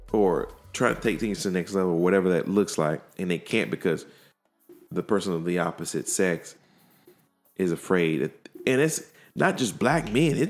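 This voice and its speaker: A man's voice: fairly low pitch, creaky. A man hosting a podcast, earnestly retelling conversations with friends in casual chat.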